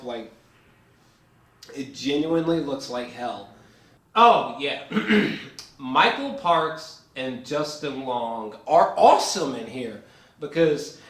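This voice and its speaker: A lively, swearing man reviewing a movie in a loose reaction style, his voice bright and a touch high. He swings his pitch widely as he rants. The echoey room rings around him. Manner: animated, profane, laughing.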